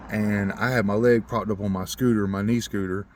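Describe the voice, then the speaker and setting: A man telling a personal story in a rambling, earnest way, chuckling often and growing animated when he talks about faith. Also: lowish voice, moderate pace, a little hiss or hum. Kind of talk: casual storytelling.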